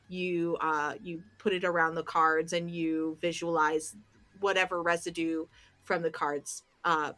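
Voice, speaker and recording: A woman with a lowish, bright voice chatting on a stream. She explains things step by step, pausing on ums. Her delivery is relaxed and conversational. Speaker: tarot reader and co-host. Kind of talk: casual chat.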